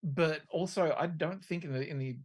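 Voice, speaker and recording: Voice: medium pitch, moderate pace, slightly rough. A podcast co-host chatting casually, rambling and swearing as they lose track. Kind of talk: casual chat.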